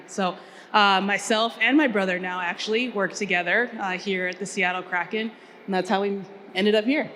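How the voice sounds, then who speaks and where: A woman from Minnesota on a panel, chatty and animated, with many fillers. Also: medium pitch, normal speed, a little hiss or hum. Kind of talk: panel discussion storytelling.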